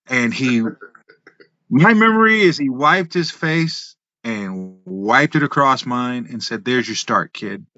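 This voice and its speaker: A man in his fifties, a wrestler and musician appearing as a podcast guest, tells stories casually in a tense, bright, mid-range voice, speaking slowly. He's an animated storyteller who acts out voices, laughs, and swears. The recording is from a dry booth with no echo, sounding dull and slightly lo-fi.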